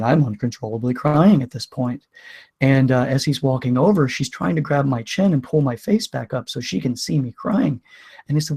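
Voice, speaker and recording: A man candidly recounting a painful personal story in a vlog, emotional, with many restarts and pauses. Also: mid-range voice, darkish tone, breathy edge. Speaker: vlogger.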